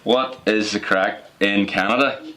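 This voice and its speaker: A man's voice: on the low side, fairly even intonation, unhurried, pushed and bright, slight background noise. A young man from Northern Ireland with a Northern Irish accent, hosting a podcast in a jokey, casual way. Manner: laughs often, jokey. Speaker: podcast host. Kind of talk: casual chat.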